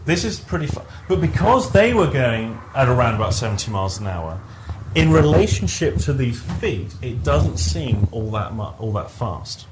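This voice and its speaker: A man's voice: medium pitch, big pitch swings, moderate pace. Guy giving a workshop talk, chatty, restarts a lot, noisy recording. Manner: conversational, repeats words when restarting. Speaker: workshop trainer. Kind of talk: live teaching talk with anecdotes. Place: training room with a live group.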